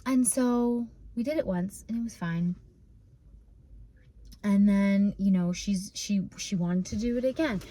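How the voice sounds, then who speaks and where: A woman's voice: mid-range voice, unhurried, dark tone. A young woman vlogging from her parked car, talking in a rambling way with many fillers and restarts, close to tears. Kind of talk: casual emotional vlog.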